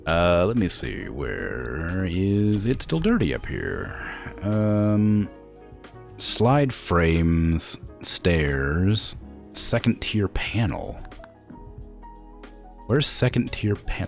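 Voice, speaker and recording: A man's voice: wildly swooping pitch, extremely slow, gravelly, soft background music. A man streaming a video game, chatting casually with his viewers and talking to the game, laughing often. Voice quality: deep low voice. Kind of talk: casual gameplay commentary.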